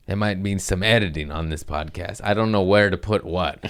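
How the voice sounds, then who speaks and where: A man with a very deep voice chats loosely on his comedy podcast. He is high and keeps cracking himself up. His talk wanders in a self-mocking, giggly way. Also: a little fast, fairly bright tone, clear, resonant tone. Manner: giggly, stoned, self-mocking with bursts of laughter. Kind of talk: casual rambling chat.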